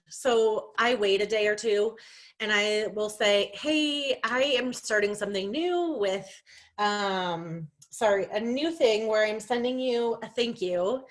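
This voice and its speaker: Speaking in a mid-range, somewhat bright voice, a young woman leads a relaxed sales team training over video. Fillers and restarts crop up constantly, and she pokes fun at herself as she goes.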